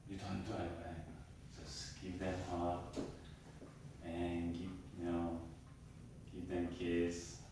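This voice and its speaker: A man's voice: sits low, completely flat delivery, slow pace, long pauses, noisy background. A man giving a university lecture to a class. He repeats his points for emphasis and keeps checking in with the students. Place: lecture room. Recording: very echoey room, mic far off.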